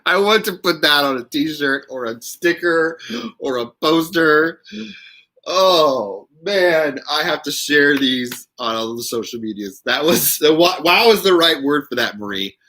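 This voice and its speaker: A man's voice: a little high, animated, unhurried, bright, forceful tone. A man hosting a casual live stream, chatting with viewers in a giggly way and reading their names aloud.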